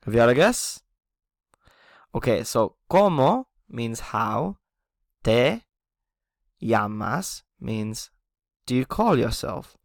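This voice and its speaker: Gravelly-voiced man teaching a language class. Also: mid-range voice, sing-song, takes it slowly, long pauses, no echo, clean studio sound. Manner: explains patiently, often checks in with "okay?"; chuckles at himself. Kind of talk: beginner language lesson.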